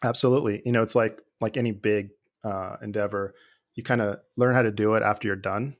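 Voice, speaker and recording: Gravelly low-voiced man in an interview. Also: fairly quick. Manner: relaxed, thoughtful, with fillers and restarts. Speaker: guest, former IT leader. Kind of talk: conversational interview.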